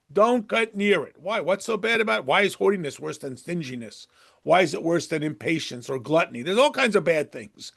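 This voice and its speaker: A man teaching a Torah class in a lively, conversational way, firing off rhetorical questions and acting out quotes in a raised voice. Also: sits high, creaky.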